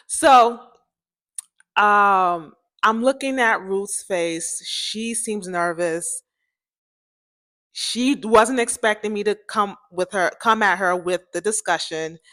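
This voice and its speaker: A woman hosting a podcast, telling a personal story in a chatty, candid way, talking straight to her listeners and acting out what people said. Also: a bit bright. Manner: chatty, addresses listeners directly, acts out quoted dialogue; candid, self-described pitchy, cracky voice.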